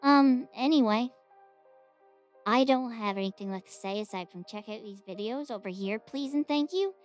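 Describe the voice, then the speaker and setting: A chatty woman rambles casually through the end of a reaction video, her voice set fairly high. She giggles easily as she talks, and soft music plays faintly behind her. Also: moderate pace.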